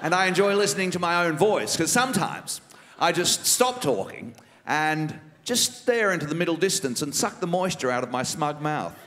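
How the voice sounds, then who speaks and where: His voice is a little high and sing-song, a bit bright, at a moderate pace, as this Australian-accented man impersonates a rich male politician in a self-satisfied, pompous drawl. The performance is captured live through a stage mic in an echoing theater, with vowels stretched and every word over-enunciated.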